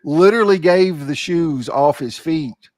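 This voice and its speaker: A man's voice: fairly high pitch, a little slow, darkish tone, dry recording. A man hosting a talk show, chatting casually and saying "bro" and "dude". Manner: casual, says "bro" and "dude", affirming interjections. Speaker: podcast host. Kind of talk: casual podcast chat.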